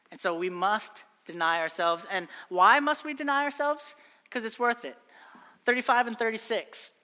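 A man's voice: high-pitched, sharp tone, big-room sound. A young adult man preaching a sermon, earnest and exhorting, often repeating phrases for emphasis. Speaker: pastor.

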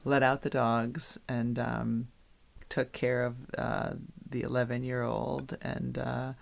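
Middle-aged lady, gravelly fry in her voice, chatty and laughing a lot while she tells stories. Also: rumbling low, takes it slowly. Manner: animated storyteller, laughs often, many restarts. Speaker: podcast co-host, youth basketball coach. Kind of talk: casual chat.

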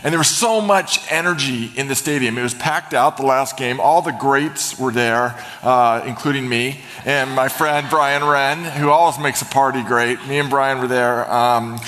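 A man's voice: mid-range voice, normal speed, hardly any pauses, a bit bright. A man preaching an Easter sermon in a church, telling stories with energy and laughing as he goes. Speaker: pastor. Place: church sanctuary. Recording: long hall reverb.

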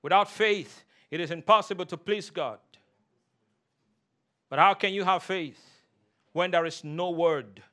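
A pastor preaching with a high, bright, forceful voice. He drives his points home by repeating key lines and slowing down on them. He calls out for the congregation to answer him. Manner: emphatic preaching with call-and-response; repeats key phrases, slows for emphasis. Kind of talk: sermon.

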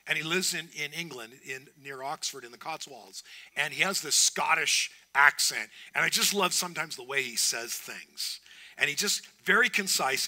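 A man's voice: fairly high pitch, expressive, normal speed, pushed and bright. A man preaching a sermon as pastor, earnest and emphatic, often restarting his phrases.

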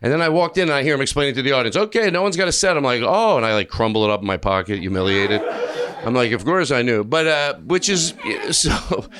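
A man doing improvised stand-up comedy on a club stage, rambling, self-mocking and profane, high on an edible. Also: lively intonation, fast talker, a bit bright.

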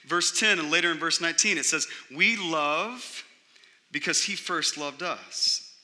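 Middle-aged male pastor, high, bright voice, chatty animated sermon, hall reverb. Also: measured pace. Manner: conversational, animated preaching with frequent "like" and "right?".

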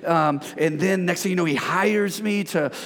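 A man in his forties preaching a sermon as pastor, playful and energetic, joking with the congregation. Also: high-pitched, normal speed. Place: church sanctuary. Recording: long reverb of a church hall.

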